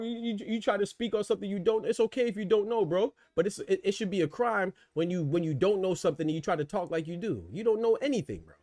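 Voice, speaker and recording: A man's voice: high voice, fast, few pauses, darkish tone, no echo, clean studio sound. Heated stammering man ranting at chat. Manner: heated, mocking, repeats words and stammers. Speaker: boxing commentary livestream host. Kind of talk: livestream rant answering chat.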